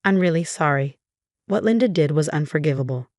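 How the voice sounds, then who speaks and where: Grave, apologetic father-in-law, voiced by a woman reader; low-pitched, dry. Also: animated, brisk, no echo.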